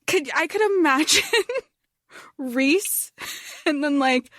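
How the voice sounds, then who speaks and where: A young woman with a high voice chats loosely on a podcast, swearing now and then and breaking into laughter. The sound is dry and close, with no room around it. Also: slow, fairly bright tone, no echo. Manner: chatty, laughs often, swears casually. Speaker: podcast co-host. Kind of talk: casual chat.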